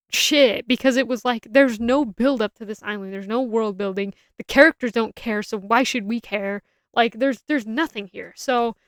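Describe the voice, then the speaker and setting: A woman's voice: on the high side, no echo, studio quality. Rambling, opinionated young woman reviewer. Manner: rambling, opinionated, frequent self-restarts. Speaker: film reviewer. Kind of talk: casual spoken film review.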